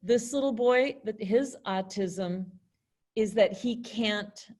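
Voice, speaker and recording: A young woman teaches a virtual class in a loose, chatty way. She keeps acting out short example lines in different tones to make her point. Her voice sits at an ordinary pitch for a woman. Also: slow, darkish tone.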